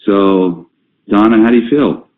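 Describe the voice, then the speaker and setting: A man's voice: fairly low pitch, a little slow. A man hosting a company conference call, talking casually with many fillers and restarts. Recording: tinny phone line with roomy echo.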